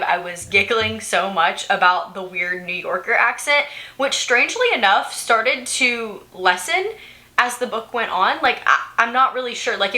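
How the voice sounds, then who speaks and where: A young woman talks through her reading vlog in an easy, chatty way, dropping in fillers and little giggles. Her voice sounds bright and a touch sharp. The room around her has a noticeable roomy echo. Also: mid-range voice. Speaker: book vlogger. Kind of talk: casual reading vlog chat.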